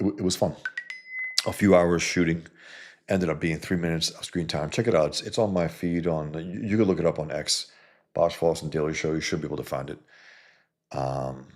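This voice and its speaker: A man rambling bluntly and with strong opinions in a casual monologue as a comic book reviewer and cartoonist, often trailing off with fillers. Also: extremely low pitch.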